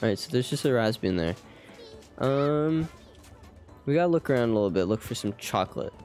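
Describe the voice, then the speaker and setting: A young man streams a game live, chatting with viewers as he rambles and jokes at his own expense over faint game music. His mid-range voice is expressive and darkish in tone, and he talks a little fast. It's casual live game commentary.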